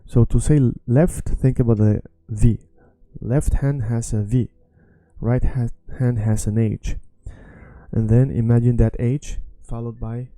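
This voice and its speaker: A man teaching a language lesson, emphatic and repeating words slowly. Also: medium pitch, warm tone, no echo.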